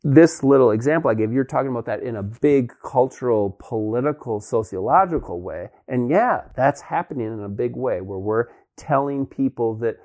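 A man's voice: mid-range voice, lively intonation, normal speed, hardly any pauses, a little mellow. A man hosting a conversation, earnestly explaining his point with an example and many casual fillers. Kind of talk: conversational talk.

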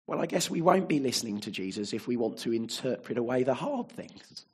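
Husky male preacher. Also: mid-range voice, very animated, a little fast. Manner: emphatic, with frequent rhetorical tag questions. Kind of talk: sermon.

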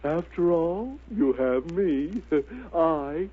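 A pompous, cowardly gentleman with a big appetite speaks in long-winded, genteel phrases with a husky tone. The 1930s radio recording is thin and scratchy. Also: on the high side, animated, drawn-out words, phone-quality sound, exaggerated voice.

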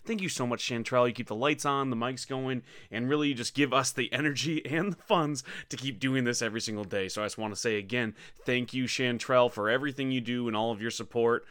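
A man hosting a podcast in a bright, clean, crisp voice, recorded dry and close with no room around him. He chats casually, pokes fun at himself and rattles through plugs and thank-yous. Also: mid-range voice, brisk, few pauses, no echo. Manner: joking, self-mocking, reads plugs from bullet points. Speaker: podcast host.

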